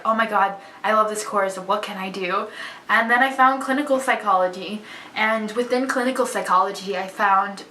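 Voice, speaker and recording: A young woman vlogger telling a personal story in a chatty, candid, expressive way. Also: mid-range voice, a little hiss or hum. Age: young adult. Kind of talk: casual storytelling to camera. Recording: echoey room, voice a bit far from mic.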